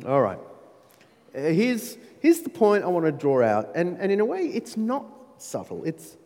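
A man preaching a sermon, emphatic and animated, with playful asides to his listeners. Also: high-pitched, moderate pace. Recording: long reverb of a large hall.

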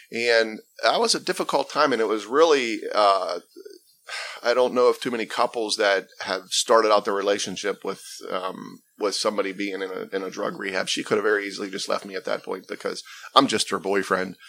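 A man's voice: fairly low pitch, creaky, bright, forceful tone. A man earnestly telling his faith testimony in a conversational interview, emphatic and often restarting his phrases. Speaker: guest sharing his testimony.

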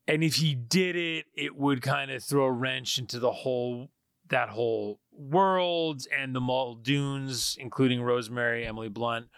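A man's voice: mid-range voice, fairly bright tone, no room sound, clean studio sound. A man co-hosting a casual film podcast, summarizing a movie plot in a rambling way with joking asides. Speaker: podcast co-host.

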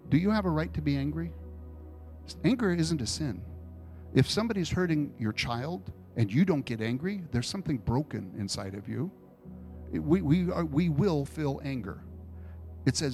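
A man's voice: fairly high pitch, normal speed, faint music behind. A man preaching an informal sermon to a congregation, telling personal stories in a conversational way and taking questions. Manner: conversational storytelling, animated retellings. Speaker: pastor.

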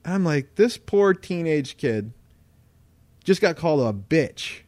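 A man co-hosting a casual podcast, telling a story in a lively way and acting out the voices of the people in it. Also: on the high side, slow, no room sound. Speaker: podcast co-host.

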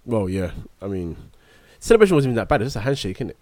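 Fast-talking slangy male co-host. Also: fairly low pitch, big pitch swings, a little mellow, no echo. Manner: quick, slangy banter. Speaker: podcast co-host. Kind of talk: casual football podcast chat.

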